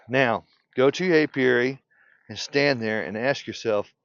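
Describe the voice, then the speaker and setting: A man's voice: medium pitch, sing-song, normal speed, no echo. An older man, a beekeeping teacher, delivering a passionate unscripted rant. He is blunt and provocative and laughs often. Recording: dull lo-fi recording.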